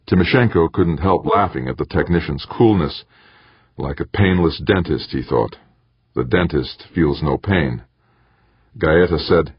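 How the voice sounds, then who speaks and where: Super deep gravelly-husky guy reading an audiobook, dry lo-fi sound. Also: moderate pace, no echo. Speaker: audiobook narrator. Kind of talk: scripted narration. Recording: dry, slightly dull lo-fi sound.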